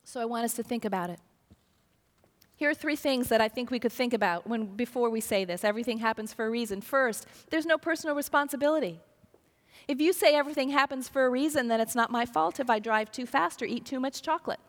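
A middle-aged woman pastor speaks fast in a slightly high voice, delivering an earnest sermon where she tells stories and acts out the voices she quotes. The long reverb of a large hall surrounds her.

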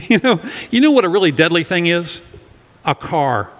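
Pastor preaching in a reverberant hall. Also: male voice, high voice, big pitch swings, moderate pace. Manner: earnest, leads congregation in reading aloud. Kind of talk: sermon. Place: church sanctuary.

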